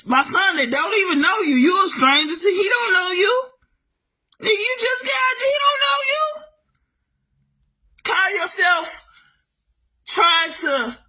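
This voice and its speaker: Fired-up woman ranting to the camera. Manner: heated, calls the listener baby, swings loud and high. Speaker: vlogger. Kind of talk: emotional family rant to camera.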